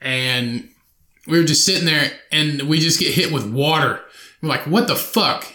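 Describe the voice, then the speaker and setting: A man's voice: fairly high pitch, normal speed, bright, forceful tone, roomy sound. A young man hosting a podcast alone, telling a rambling, profane story with lots of laughter. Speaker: podcast host.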